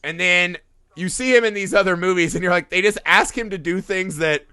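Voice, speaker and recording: Male podcast co-host, bright, slightly high voice, casual and profane, mocking impressions. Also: fairly quick, clean tone, no room sound. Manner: animated, profane, laughing, slips into mocking voices. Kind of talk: casual film review chat.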